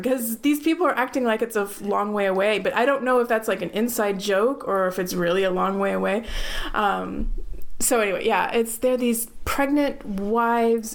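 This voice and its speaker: A woman from the United States, hosting a podcast in a bubbly, gushing way and laughing easily. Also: a little high. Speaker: podcast host. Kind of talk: casual interview chat.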